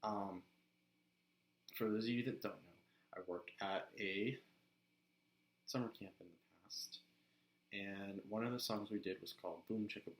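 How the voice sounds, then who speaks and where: A man casually sharing voice acting tips in a relaxed, chatty way. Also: lowish voice, a little slow, long pauses, roomy sound, poor audio. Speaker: voice actor giving tips. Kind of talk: casual instructional vlog.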